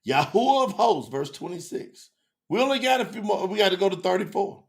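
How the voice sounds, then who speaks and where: A man's voice: high-pitched, big pitch swings, fairly quick, vocal fry. A man teaching scripture on a live stream with fervent, preacherly passion, talking straight to his chat viewers.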